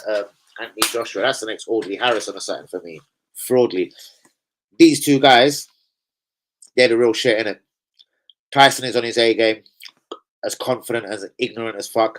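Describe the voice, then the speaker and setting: A man hosting a casual live stream, sweary and rambling as he shouts out his viewers. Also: medium pitch, low-quality recording. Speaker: live-stream host and football fan. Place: home room with a laptop. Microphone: laptop setup.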